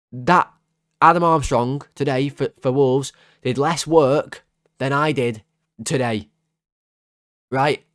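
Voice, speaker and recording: A man, hosting a football fan channel and rating players in an exasperated, sarcastic rant full of comic exaggeration, his voice starting to go hoarse. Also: mid-range voice, slow pace, long pauses, a bit bright, no echo, clean studio sound.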